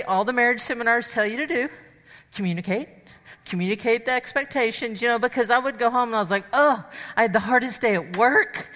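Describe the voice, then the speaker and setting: Bright, animated woman telling a story in a hall. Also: a little high. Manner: animated, acts out dialogue and sound effects. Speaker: speaker addressing an audience of women. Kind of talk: humorous personal storytelling. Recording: long hall reverb.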